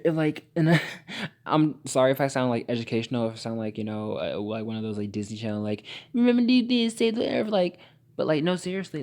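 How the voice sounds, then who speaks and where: Sassy, rambling young man with caffeine jitters. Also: mid-range voice. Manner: sassy, rambling, heavy use of "like" and "honey"; jittery and over-caffeinated, stumbling over words. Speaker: solo podcaster. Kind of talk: late-night solo podcast rant.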